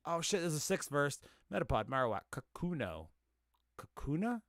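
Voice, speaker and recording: A man hosting a casual podcast live stream, rapping a long name list fast and swearing as he jokes about himself. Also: fairly high pitch, sing-song, a bit bright, dry recording, studio quality. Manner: rapid rhythmic list rapping, swearing, self-mocking. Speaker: podcast host.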